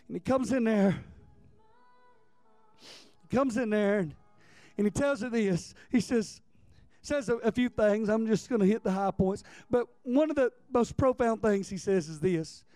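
A man preaching a sermon with passion, often repeating words and building up to near-shouts. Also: very high-pitched, no room sound.

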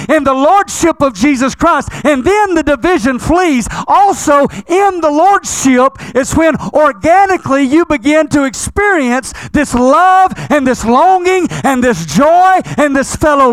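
High-voiced emphatic male preacher. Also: dry recording. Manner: emphatic, repetitive, swinging between loud and hushed. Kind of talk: sermon.

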